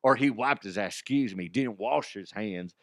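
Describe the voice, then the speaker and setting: A man hosting a radio show, riffing on odd news stories in a loud, crude and profane way. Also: lowish voice, moderate pace, no echo, clean studio sound. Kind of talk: crude comedic news talk.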